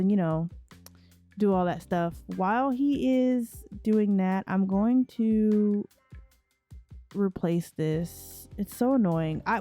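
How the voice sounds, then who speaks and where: A woman's voice: mid-range voice, dark tone. A woman casually commenting on her gameplay in a chatty way, talking to her characters as she plays. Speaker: let's play host.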